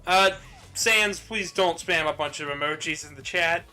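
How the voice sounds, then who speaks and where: A man's voice: on the high side, moderate pace, pushed and bright, faint music behind. A man streaming a game, making dry, understated remarks in casual chat.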